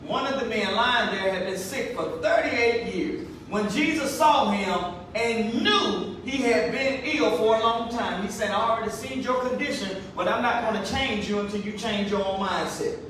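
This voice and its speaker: High-voiced preacher in an echoey church. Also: male voice, moderate pace, hardly any pauses. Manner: emphatic, animated, talks to the congregation. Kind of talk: sermon. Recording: echoey room from far off, faint noise.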